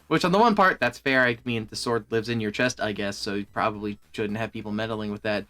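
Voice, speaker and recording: A man streaming and chatting casually, in an animated, exasperated way with plenty of swearing. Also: medium pitch, brisk. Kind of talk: casual chat.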